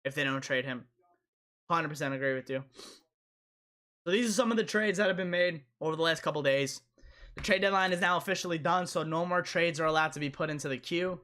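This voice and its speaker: A man's voice: on the high side, brisk, sharp tone. A young man hosting a casual live stream, rambling and repeating himself as he answers chat.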